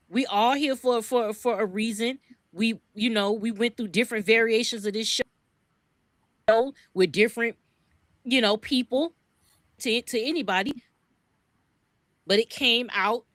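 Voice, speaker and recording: Fervent woman with a bright, cutting voice. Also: fairly high pitch, no room sound. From US East Coast. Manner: fervent, repeats words when worked up, swears freely. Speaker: podcast co-host. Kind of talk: impassioned commentary.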